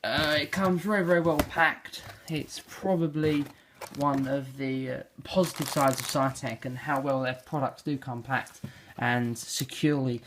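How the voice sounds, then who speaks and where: In a medium-pitched, fairly bright voice with fairly even intonation, a young English unboxing vlogger talks a little slowly, hardly pausing. He rambles casually with fillers and self-mocking asides in his bedroom, captured on a noisy handheld camera mic amid packaging crinkles and clicks.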